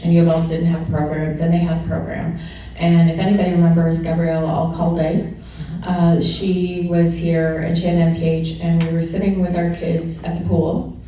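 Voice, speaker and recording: Middle-aged woman, lowish voice, frank and laughing, addressing a room from a distance in a big echoey space. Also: mellow, a little hiss or hum. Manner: candid, laughs often, gets emotional. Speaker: honored alumna speaking at a celebration. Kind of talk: personal storytelling remarks to an audience. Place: large echoey event room with an audience.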